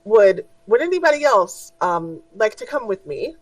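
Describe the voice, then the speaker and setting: A woman's voice: mid-range voice, sing-song, no room sound, distant mic, pitched above the performer's own voice, poor audio. Woman voicing a kindly male scientist mentor. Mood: encouraging. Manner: gentle, reassuring, a little halting.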